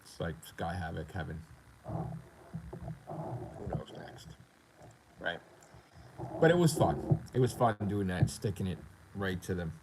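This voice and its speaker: Low-voiced man ranting on a gaming stream. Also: animated, moderate pace, heavy background noise. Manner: profane, boastful, rambling. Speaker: gaming livestreamer. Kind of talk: casual live-stream rant.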